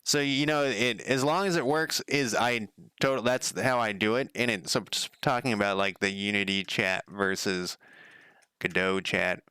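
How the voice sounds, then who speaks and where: A man's voice: fairly low pitch, fairly even intonation, moderate pace, bright, forceful tone, clean tone, dry recording. A man giving rambling, profane casual commentary while coding on a live stream, laughing at himself. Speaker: game developer streaming his work.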